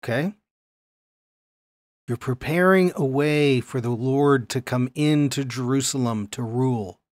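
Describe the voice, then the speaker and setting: A man in a middle register teaches a Bible lesson to camera, animated and conversational. He keeps checking in with his viewers as he explains. The recording is dry and close, with no room sound. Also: mid-range voice, a little slow, no room sound.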